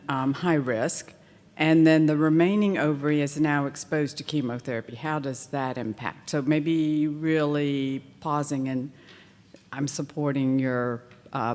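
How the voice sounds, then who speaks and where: A woman's voice: low-pitched, a little mellow. Woman commenting from a conference floor. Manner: appreciative, thoughtful, pausing. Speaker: conference attendee asking a question. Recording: reverberant conference hall.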